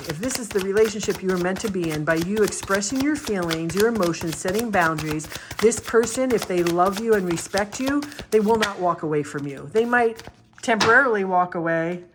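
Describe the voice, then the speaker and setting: A woman reading tarot cards in a casual, blunt, animated way, swearing freely and acting out confrontations. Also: mid-range voice, moderate pace, noisy background. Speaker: tarot reader and life coach.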